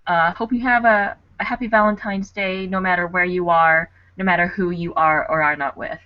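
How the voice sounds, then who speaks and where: A woman's voice: lowish voice, steady tone, moderate pace, dry recording. A woman co-hosting a casual podcast chat over a remote call, tipsy from drinking and full of joking, teasing banter. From United States. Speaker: podcast co-host. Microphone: remote call mic. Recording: dull lo-fi remote audio.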